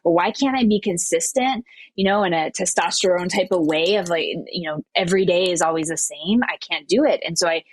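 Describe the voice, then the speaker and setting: A woman's voice: lowish voice, brisk, husky, no echo. A woman guest on a podcast speaking earnestly and reflectively in casual conversation. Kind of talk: casual interview chat.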